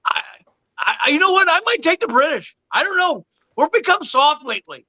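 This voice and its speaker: A man's voice: very high voice, very animated, a little fast, bright, forceful tone, low-quality recording. A man co-hosting a casual sports podcast, laid-back, stumbling and repeating words as he thinks aloud. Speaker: podcast co-host.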